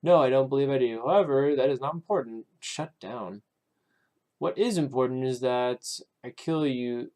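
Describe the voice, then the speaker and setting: A man's voice: medium pitch, moderate pace, a little mellow, natural voice. A man reading out the lines of a scheming male villain who gloats over his trapped victim, smug and taunting with small hesitations. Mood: smug gloating. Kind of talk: reading game dialogue aloud.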